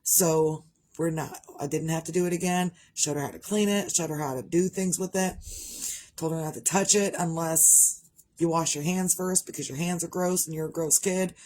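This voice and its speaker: Middle-aged woman, low-ish voice, candid rambling vlog chatter. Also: steady tone, normal speed, darkish tone. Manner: rambling, candid, conversational with frequent restarts. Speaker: parent vlogger. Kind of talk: casual personal vlog monologue.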